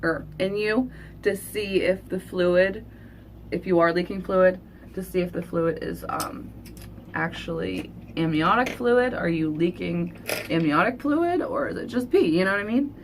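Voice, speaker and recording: A woman's voice: lowish voice, animated, slight background noise. Woman telling a painful personal story. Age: adult. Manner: earnest, halting, confessional. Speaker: beauty vlogger.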